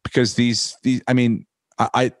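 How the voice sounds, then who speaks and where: A man hosting a podcast, ranting in a profane, rambling, animated way. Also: mid-range voice, moderate pace, no echo. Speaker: podcast host. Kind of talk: casual podcast chat.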